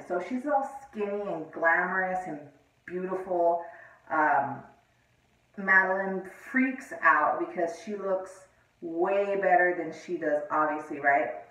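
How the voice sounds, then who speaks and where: A woman's voice: medium pitch, fairly bright tone. A woman casually reviewing a film in a rambling, profane way, full of fillers like "like". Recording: echoey distant lo-fi room sound.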